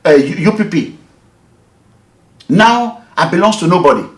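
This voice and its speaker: A Nigerian man from Edo State, an activist and movement leader, recounts a story in an interview with a high-sitting voice at a measured pace. Animated and emphatic, he plays both sides of the conversations he describes, all captured in an echoey room.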